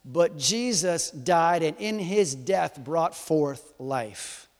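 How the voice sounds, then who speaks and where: A man preaching a sermon to a live congregation, animated and swinging from soft to loud, teasing and quizzing his listeners. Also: on the high side, extremely slow. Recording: long hall reverb.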